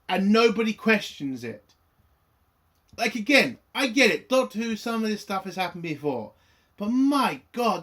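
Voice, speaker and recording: A man's voice: sits high, a bit bright. A man ranting through a TV episode review, profane, exasperated and sarcastic.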